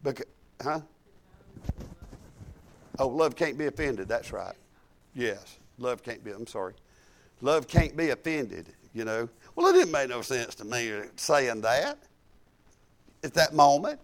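A man's voice: medium pitch, very animated, measured pace. A man preaching a storytelling sermon in a folksy, conversational way, chuckling now and then.

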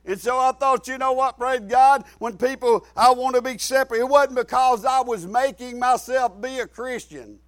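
A middle-aged man, preaching a folksy sermon full of repetition and sudden shouted emphasis. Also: very high-pitched, normal speed, few pauses, no echo.

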